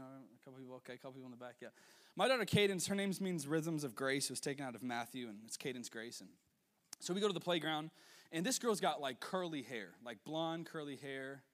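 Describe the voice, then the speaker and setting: Lively young preacher in a reverberant hall. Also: male voice, fairly high pitch. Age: 20s. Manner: animated storytelling with quick asides and laughs. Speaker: youth pastor. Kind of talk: sermon.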